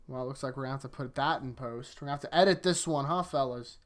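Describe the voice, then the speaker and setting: A young man casually recapping anime episodes as a show host, rambling and joking, quickly acting out quoted lines. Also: mid-range voice, soft background music. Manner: loose, jokey, acts out quoted lines in quick voices.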